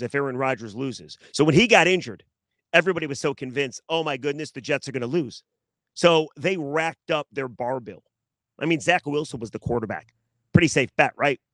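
A man's voice: fairly high pitch, fairly bright tone, no room sound. A man hosting a solo sports podcast, chatty and joking, repeating himself for emphasis.

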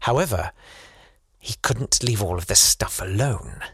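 A man's voice: on the low side, expressive, unhurried, creaky, husky, dry recording. A man co-hosting a comedy podcast, telling a history story playfully and slipping into silly voices. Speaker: co-host. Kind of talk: comic storytelling.

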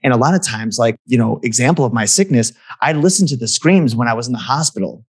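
A man's voice: medium pitch, lively intonation, fast talker, husky. A man talking as a guest in an earnest, reflective conversation, restarting phrases as he thinks aloud.

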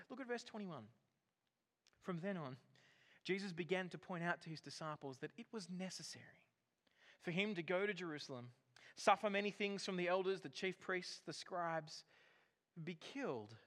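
A man's voice: sits high, fairly bright tone, in a large hall. A man preaching a sermon as pastor, earnest and emphatic, often repeating a word as he builds a point.

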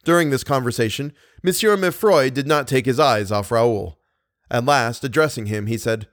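A man reading a classic novel aloud in steady, even storytelling narration. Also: mid-range voice, normal speed, no echo, studio quality. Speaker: audiobook narrator.

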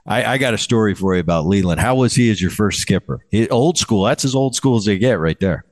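Man, 50s, low voice, podcast host, rambling storyteller, casual chat. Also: expressive, brisk. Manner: rambling, repeats words, frequent fillers. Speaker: podcast host, former ballplayer.

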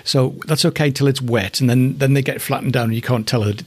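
Husky-voiced man from northeast England. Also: medium pitch, fairly even intonation, a little fast, darkish tone, no room sound. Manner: chatty and affectionate, thinking aloud. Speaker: alpaca keeper. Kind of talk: casual spoken commentary.

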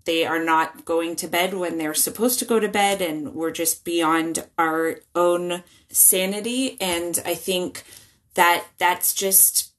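A woman's voice: lowish voice, fairly even intonation, slow pace, fairly bright tone. A woman in her thirties, a guest in a casual interview, talking chattily with many restarts. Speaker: guest speaking about parenting.

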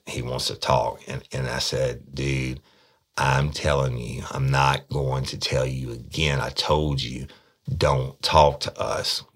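A man telling a true-crime story from his days as a detective, blunt and profane, acting out the people he quotes. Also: extremely low pitch. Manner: blunt, profane, animated when quoting people. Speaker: podcast storyteller, former detective.

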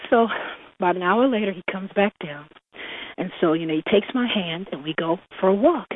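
A woman's voice: on the low side, a little fast. A woman in her thirties calling in to a radio show, telling a personal story with animation and frequent laughter. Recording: tinny phone line.

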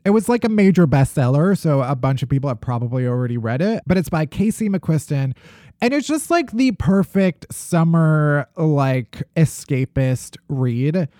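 A man's voice: on the high side, lively intonation, normal speed, warm tone, no room sound, studio quality. A man co-hosting a podcast, chatting casually with a playful, self-mocking humor. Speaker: podcast co-host. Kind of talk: casual chat.

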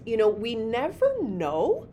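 A woman co-host reading a Bible passage aloud and retelling it in a lively, dramatic way. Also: a little high, takes it slowly, slight background noise.

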